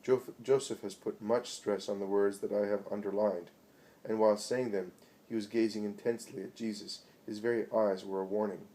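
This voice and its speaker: Deep mellow man reading devotional text. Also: steady tone, normal speed, low-quality recording. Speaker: reader.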